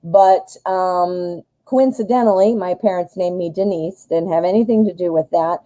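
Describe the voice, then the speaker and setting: A woman's voice: on the low side, normal speed, dark tone, rough recording. A woman from the United States hosting a live-stream tarot reading. She rambles, thinks aloud with many fillers, goes off on tangents, and jokes at her own expense. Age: adult, married. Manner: self-deprecating humor, goes off on tangents. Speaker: tarot reader host.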